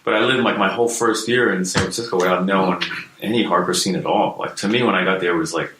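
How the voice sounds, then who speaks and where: A man with a lowish voice spins loose stories, full of fillers and casual swearing. The room around him sounds roomy with echo, and a faint hiss sits underneath. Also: quick pace. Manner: laid-back, swears freely, lots of fillers. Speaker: guest, hardcore musician. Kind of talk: casual storytelling interview.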